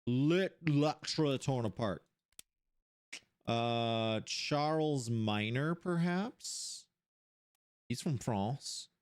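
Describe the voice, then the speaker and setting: An animated streamer, thinking aloud while playing a game, voice jumping up high when surprised. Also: extremely slow, pauses often, smooth. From Seattle area, USA. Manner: animated, puzzling things out, sudden jumps to high pitch.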